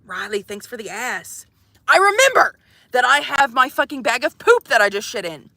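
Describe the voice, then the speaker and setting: A woman's voice: on the high side, very animated, normal speed, pushed and bright, no room sound. A young woman telling a comic, profane story to live viewers from inside a van, exasperated and swearing freely. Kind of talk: casual storytelling livestream.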